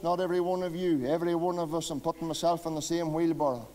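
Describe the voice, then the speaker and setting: A man preaching a sermon as pastor, swinging between loud impassioned passages and quiet low ones. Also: fairly even intonation, fast, few pauses. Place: church hall. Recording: long hall reverb.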